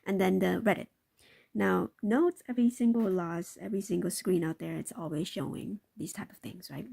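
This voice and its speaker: A woman hosting a live market commentary stream, with a heavily gravelly, creaky voice and a husky edge. She rambles through her points and keeps checking in with her listeners. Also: fairly low pitch, normal speed, dark tone. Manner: talks in a loose, repetitive way with frequent tag questions. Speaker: livestream host.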